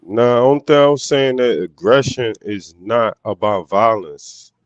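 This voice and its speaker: A man's voice: medium pitch, measured pace, no echo, lo-fi sound. A man in a casual podcast debate, talking in street slang and often repeating and restarting his phrases.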